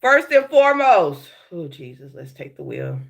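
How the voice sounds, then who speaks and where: A woman with a low-leaning, sing-song voice and vocal fry hosts a casual live stream at a moderate pace. She's blunt, swears freely, and greets chat viewers by name; she's a bit sick and has a slight lisp from her braces.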